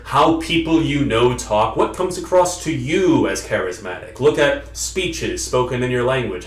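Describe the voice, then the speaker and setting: A man giving an emphatic, lecturing explanation to camera as a self-improvement vlogger. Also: medium pitch. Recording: roomy sound, distant from the mic.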